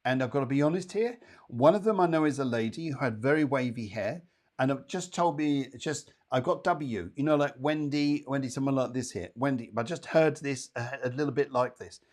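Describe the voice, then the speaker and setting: A middle-aged man hosting a live psychic show. He talks in a chatty, rambling way, full of playful asides, as he relays messages to viewers. His voice has an ordinary middle pitch. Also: a little fast, a little mellow. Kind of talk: live-streamed psychic readings.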